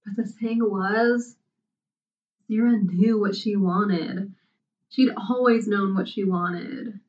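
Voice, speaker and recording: A woman reading a story aloud as narrator, in a slow, measured delivery. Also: medium pitch, fairly even intonation. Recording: distant, dull lo-fi mic.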